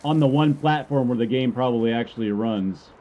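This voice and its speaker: A man's voice: medium pitch, fairly quick, lo-fi sound. A man ranting about a game update, rambling and stammering in frustration. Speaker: gamer commentator. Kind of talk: ranting commentary.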